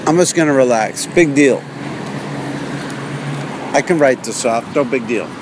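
A man's voice: mid-range voice, measured pace. Sarcastic man ranting while driving. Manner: rambling, sarcastic, self-mocking. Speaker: podcast host. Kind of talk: solo podcast rant. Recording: car with road noise behind.

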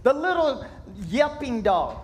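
A man's voice: very high-pitched, wildly swooping pitch, takes it slowly. A man from Kentucky, preaching a sermon in a folksy, jokey storytelling way, acting out sound effects. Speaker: pastor.

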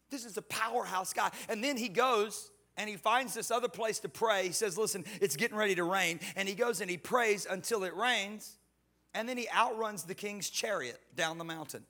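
A male guest pastor preaching a sermon in church, animated and joking, with casual slang. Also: on the high side, slightly rough. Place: church sanctuary.

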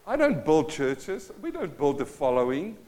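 A man in his fifties with a South African accent, preaching a sermon with passion, swinging between loud declarations and hushed asides. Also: on the high side, very animated, measured pace. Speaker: pastor.

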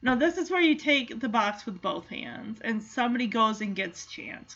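A woman's voice: fairly high pitch, lively intonation, normal speed, few pauses, fairly bright tone. A woman casually recapping a family film in a chatty, giggly, enthusiastic way, with dull lo-fi sound. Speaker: film reviewer.

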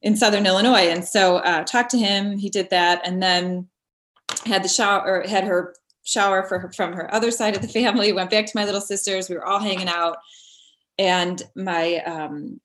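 A middle-aged woman recounting a personal story as an interview guest, halting and tender with many pauses and restarts. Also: medium pitch, fairly even intonation, a bit bright.

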